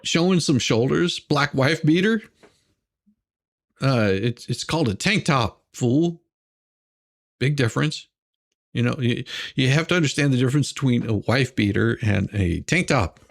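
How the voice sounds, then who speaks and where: Gravelly guy ranting on his stream, mocking and rambling, keeps repeating lines. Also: medium pitch, expressive, unhurried. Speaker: livestream host reacting to court drama. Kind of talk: casual commentary.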